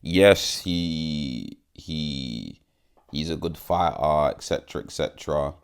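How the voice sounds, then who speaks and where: Deep-voiced blunt man vlogging. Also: slow, gravelly, clear, resonant tone. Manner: blunt, profane, repeats himself. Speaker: MMA YouTuber. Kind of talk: casual fight prediction vlog.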